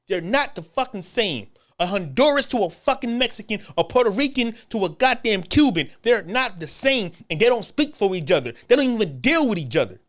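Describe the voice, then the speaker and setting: A man's voice: high-pitched, fairly bright tone. A man delivering a heated, profane, repetitive rant straight to the camera. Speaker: commentator. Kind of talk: ranting to-camera monologue.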